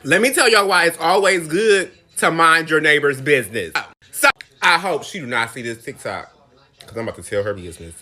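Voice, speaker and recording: Fast, lively, bright-voiced gossiping woman. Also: sits low. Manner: gossipy, animated storytelling. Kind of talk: casual storytime.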